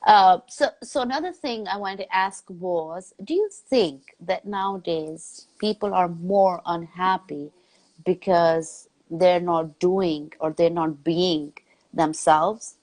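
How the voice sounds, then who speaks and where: A woman's voice: fairly low pitch, slow. Chatty woman podcast host who laughs easily. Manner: warm, chatty, laughs often, many restarts. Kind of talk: casual interview chat.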